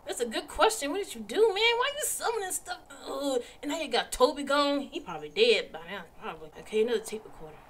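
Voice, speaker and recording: A Southern US woman hosts a horror game let's play, jumpy and exclaiming as she talks back at the screen. Her voice is bright and crisp and pitched somewhat high. A faint room ambience sits underneath. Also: very animated, quick pace, few pauses, slight background noise. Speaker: gaming channel host.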